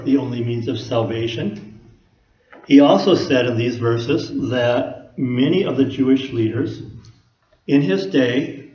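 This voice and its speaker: A man preaching a sermon in a folksy, conversational way, often asking the listeners rhetorical questions. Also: medium pitch. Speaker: pastor. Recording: echoey room, dull lo-fi sound.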